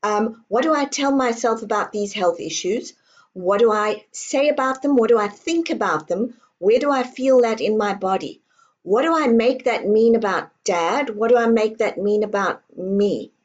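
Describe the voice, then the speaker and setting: A woman author guesting on an interview, speaking calmly and deliberately in guiding affirmations. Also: fairly high pitch, dull audio. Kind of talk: guiding, coaching talk.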